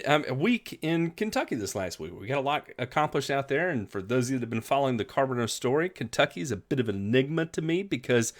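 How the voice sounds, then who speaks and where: A man's voice: fairly high pitch, fairly bright tone. A man hosting a live lawn care show, upbeat and folksy, greeting viewers by name and chatting casually. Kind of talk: live-stream chat with viewers.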